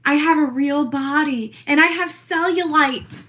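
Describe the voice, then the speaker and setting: High, bright-voiced brash woman ranting. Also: measured pace, hardly any pauses. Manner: brash, profane, defiant. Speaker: social media poster. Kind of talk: rambling self-recorded video rant.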